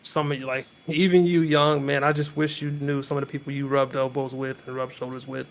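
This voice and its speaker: A man guest-hosting a podcast in casual chat, talking in an emphatic, animated way. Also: mid-range voice, a little fast, gravelly, a little hiss or hum.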